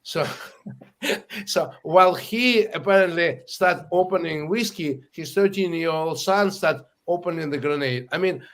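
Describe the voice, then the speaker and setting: A man with a slightly higher voice speaks as a podcast panel guest. He talks haltingly, stumbling over repeated words and fillers, in an incredulous tone. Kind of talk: casual panel discussion.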